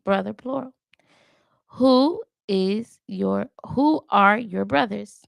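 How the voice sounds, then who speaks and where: Thinking out loud as she studies, this language learner vlogger chats with viewers she addresses as "y'all" and carefully, haltingly attempts Spanish words. Her medium-pitched voice is gravelly and very slow, and the recording is dry.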